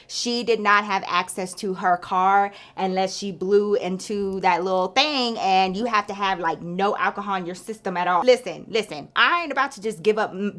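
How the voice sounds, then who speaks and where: A woman vlogger telling a casual story-time tale to her viewers, animated, chatty and freely swearing. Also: medium pitch. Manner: animated, chatty, profane, addresses viewers as bestie.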